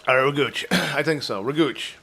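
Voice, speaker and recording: A man streaming a game live, chatting casually and rambling to his viewers while his phlegmy throat keeps needing clearing. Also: mid-range voice, moderate pace, bright, forceful tone. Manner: rambling, chatty, talks to chat. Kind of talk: casual live gameplay commentary.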